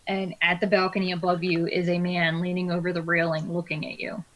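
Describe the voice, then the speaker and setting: Brief: female game master, low-ish voice, hesitant filler-heavy narration. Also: flat delivery, fairly bright tone, rough recording. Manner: hesitant, many filler pauses.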